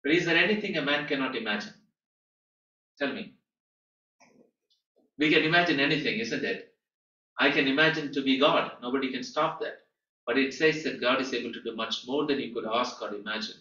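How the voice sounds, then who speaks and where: A guest teacher at a Bible school gives a lecture woven with personal testimony, speaking earnestly and halting often with pauses. His mid-range voice is bright and crisp. It sounds distant, caught by a dull mic in an echoey room.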